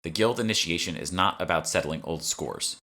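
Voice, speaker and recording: A man's voice: sits low, brisk, pushed and bright. A man voicing a stern, curt male guild member who brushes off questions. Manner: curt, dismissive.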